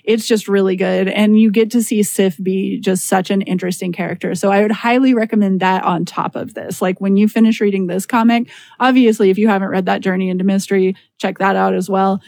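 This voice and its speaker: A woman's voice: medium pitch, fairly even intonation, a little fast, vocal fry, few pauses, darkish tone, no room sound. A young woman hosting a podcast, chatting enthusiastically with many filler words as she recommends things. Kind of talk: casual chat.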